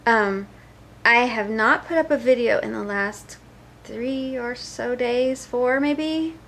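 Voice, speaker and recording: Tired middle-aged lady vlogging, kinda high voice, slow and rambly, giggles a lot. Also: creaky, fairly bright tone, slight background noise. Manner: rambling and giggly, loses her thread. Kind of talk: casual chat to camera.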